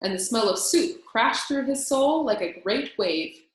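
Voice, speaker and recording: A woman teacher reading a children's book aloud with expressive storytelling. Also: on the high side, measured pace. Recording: very echoey room.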